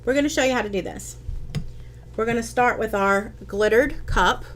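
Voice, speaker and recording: A woman's voice: fairly high pitch, moderate pace, fairly bright tone, a little hiss or hum. A woman hosting a casual live-stream craft tutorial. She chats with viewers, answers their comments, and talks with frequent ums and restarts.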